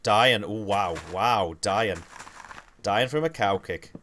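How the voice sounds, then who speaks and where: A man's voice: fairly low pitch, slow, a bit bright, slight background noise. A man with a Geordie accent chatting casually and rambling through a gaming livestream. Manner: chatty, rambling, laid-back.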